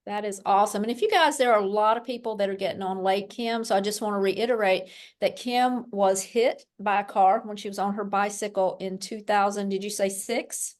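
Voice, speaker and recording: A woman's voice: medium pitch, steady tone, a little fast, few pauses. A woman hosting a casual conversation, upbeat and encouraging toward her guest. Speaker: host. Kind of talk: casual chat.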